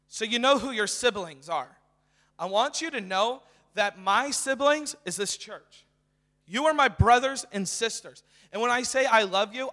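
Young man, guest preacher, casual excited sermon, lots of fillers, high-pitched, echoing church hall. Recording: reverberant hall.

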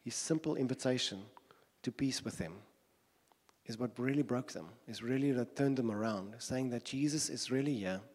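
A man's voice: medium pitch, moderate pace, a little mellow. Male preacher, earnest sermon, repeated phrases, rhetorical questions, long hall reverb.

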